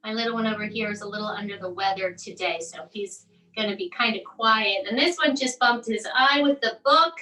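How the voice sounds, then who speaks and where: A woman in her thirties leading a children's bedtime yoga lesson at home, with soft, coaxing instructions. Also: medium pitch, brisk, distant mic, poor audio. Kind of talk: gentle kids' yoga lesson and read-aloud.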